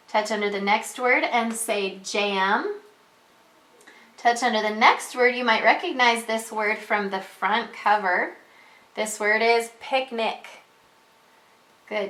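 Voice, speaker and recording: A woman teaching a preschool reading lesson, prompting children slowly and encouragingly in a sing-song way. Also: a little high, fairly bright tone. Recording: echoey room.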